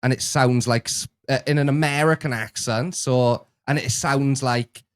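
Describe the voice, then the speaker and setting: A young man hosting a reaction video in casual chat, animated and laughing, a little exasperated. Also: medium pitch, moderate pace, clear, resonant tone, no room sound, studio quality.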